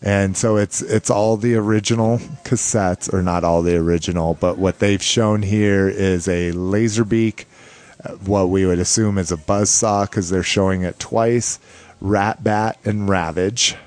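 A man hosting a podcast in casual chat, excited and joking, swearing freely. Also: lowish voice, unhurried, dry recording. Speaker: podcast host.

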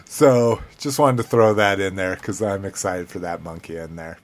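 A man's voice: sits low, fairly even intonation, moderate pace. A man hosting a podcast in loose casual chat, swearing freely and laughing between remarks. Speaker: podcast host.

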